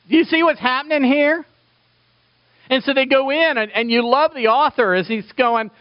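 A man preaching a sermon as pastor, animated and acting out quoted voices. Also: very high-pitched, normal speed, smooth, no room sound, muffled recording.

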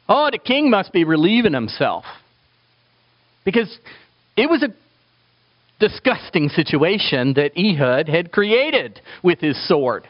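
A man preaching a sermon in an animated way, acting out quoted voices for humor. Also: on the high side, highs cut off.

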